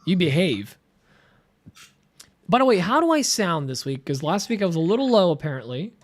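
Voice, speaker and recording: A man's voice: high-pitched, big pitch swings, normal speed. A man co-hosting a live podcast, chatting casually and teasing his co-host. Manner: playful, teasing banter. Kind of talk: casual live-stream chat.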